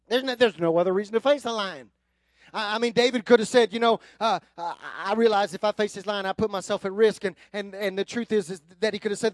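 A man preaching a sermon from the pulpit, emphatic and building into forceful runs. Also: high voice, fairly quick, no echo. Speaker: pastor.

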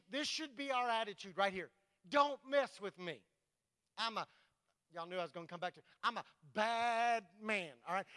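A man's voice: sits high, sharp tone. A pastor preaching a sermon to his congregation, emphatic and repeating his points.

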